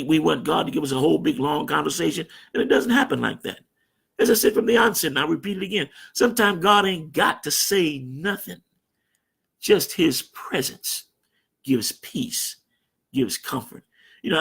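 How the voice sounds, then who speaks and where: A man's voice: a little high, vocal fry, a bit bright, breathy edge. A middle-aged male bishop giving a folksy radio sermon, repeating phrases and using many fillers. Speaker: bishop and preacher.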